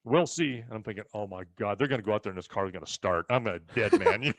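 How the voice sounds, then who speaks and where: A fairly low-voiced man from the rural western United States talks fast in a dry recording. He's a ranch co-host telling casual family stories, animatedly acting out other people's lines as he goes.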